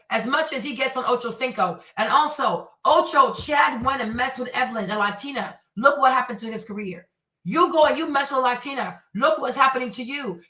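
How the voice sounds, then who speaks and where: Woman host, bright voice, exasperated celebrity roast, roomy sound. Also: sits high, far from the mic. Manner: animated, exasperated, roasting, mixes in Spanish phrases. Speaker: commentary show host. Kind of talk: uncensored celebrity commentary.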